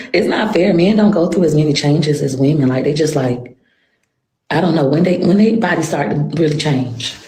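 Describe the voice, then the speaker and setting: A woman's voice: low-pitched, moderate pace, a little mellow. Woman venting on a livestream, echoey. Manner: rambling, frustrated, with sighs. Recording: echoey room.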